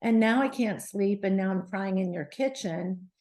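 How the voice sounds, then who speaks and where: A middle-aged woman, a guest on an interview show, telling her story in a lively, animated way with many restarts. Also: mid-range voice, moderate pace. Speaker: guest, menopause advocate.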